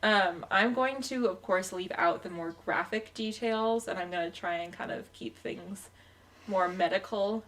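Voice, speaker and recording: A woman's voice: mid-range voice, a little slow, a bit bright. A woman co-hosting a casual podcast chat, who keeps steering things back on track with "okay, well". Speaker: podcast co-host.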